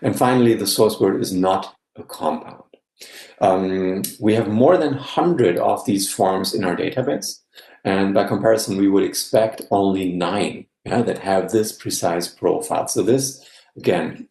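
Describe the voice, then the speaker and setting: A man giving an academic guest lecture in a measured way, often checking in with "yeah?". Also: on the low side, vocal fry, darkish tone, echoey room, poor audio. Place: live-streamed online talk.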